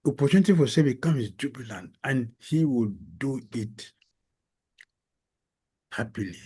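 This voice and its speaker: A man delivers a devotional lecture at a very unhurried pace, pausing often and leaning on key words. His voice is mellow and dark, sitting at an ordinary middle pitch. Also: animated, slightly rough. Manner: slow, emphatic storytelling with frequent pauses and fillers. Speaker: spiritual teacher. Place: lecture hall.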